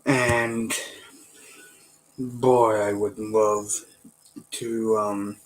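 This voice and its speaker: A man chatting casually, rambling with halting fillers and self-corrections. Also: fairly low pitch, level tone, low-quality recording. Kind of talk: casual chat.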